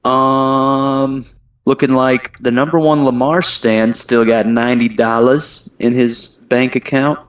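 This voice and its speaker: A man hosting a casual podcast, reading out standings in a relaxed way with lots of ums and laughs. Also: mid-range voice, takes it slowly. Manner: relaxed, filler-heavy delivery with frequent laughs. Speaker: podcast host. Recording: voice a bit distant from the mic.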